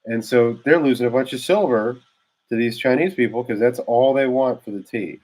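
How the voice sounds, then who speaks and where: A man's voice: mid-range voice, moderate pace, darkish tone. A man giving a rambling, casual history explainer, full of fillers and restarts, recorded indoors on a microphone. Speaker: history vlogger. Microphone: new desk microphone.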